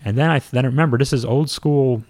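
A man, a former pro wrestler, telling a story in a casual, lively and self-mocking way, with some swearing. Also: medium pitch, fast talker, no echo.

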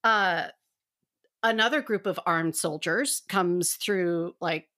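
A woman's voice: lowish voice, slow pace, sharp tone. A woman co-hosting a casual fan podcast, talking animatedly and acting out characters' lines as she retells scenes. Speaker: podcast co-host.

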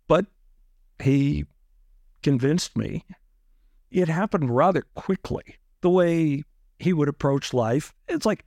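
Male interviewee, a lawyer recounting events, animated and dramatic, raised pitch, dead-dry recording. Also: slow, creaky, long pauses, no echo. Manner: animated, acts out other people's lines. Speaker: lawyer recounting his own case. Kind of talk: interview storytelling.

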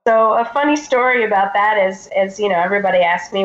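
A woman's voice: mid-range voice, fast, muffled recording. A woman from Texas, an actress and producer, chatting as an interview guest, friendly and a bit hesitant with fillers. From Texas, USA. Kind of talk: casual interview chat.

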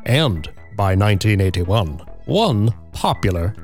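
Man, podcast host, scripted narration, dry punchline delivery, unhurried, lively pitch. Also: soft background music. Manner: measured, dry storytelling that builds to punchlines. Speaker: podcast host reading a prepared story. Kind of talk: scripted narration with casual banter.

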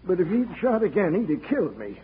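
A wary old gold prospector. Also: male voice, high voice, sing-song, fast. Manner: drawling, folksy backwoods talk. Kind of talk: 1950s radio drama acting. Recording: tinny 1950s radio broadcast with faint hiss.

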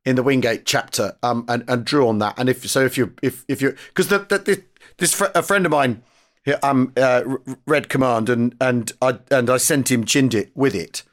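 A man's voice: medium pitch, normal speed. A man co-hosting a podcast in casual chat, joking around and laughing easily. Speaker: podcast co-host.

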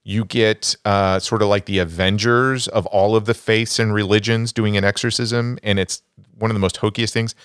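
A lower-pitched man speaks in a dry, close-miked recording. He is a podcast co-host giving blunt, opinionated takes on films in casual chat. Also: level tone, normal speed, clear, resonant tone, no room sound.

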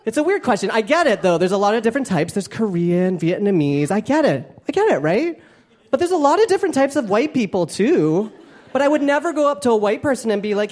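A man's voice: high voice, very animated, quick pace, a crowd in the background, noisy background. A young man doing a stand-up comedy set on stage, campy, playful and self-mocking. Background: audience laughter.

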